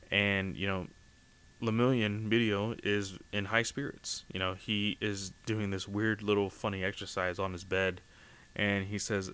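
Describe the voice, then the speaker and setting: A man's voice: lowish voice, level tone, a little slow, fairly bright tone, clear, resonant tone. A man hosting a podcast, recapping manga chapters in a casual, earnest and heartfelt way, filling his talk with "uh" and "you know.". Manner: earnest and heartfelt, heavy use of fillers.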